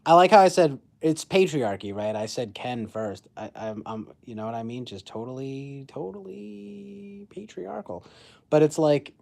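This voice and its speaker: A young man in his twenties talks loosely into his phone on a stream, piling up fillers and restarts. His voice sits at an everyday middle pitch. He drifts between thoughts and teases himself as he goes. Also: creaky, a little mellow. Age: 20s. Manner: rambling, filler-heavy, self-mocking. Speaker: livestreamer. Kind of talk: casual chat.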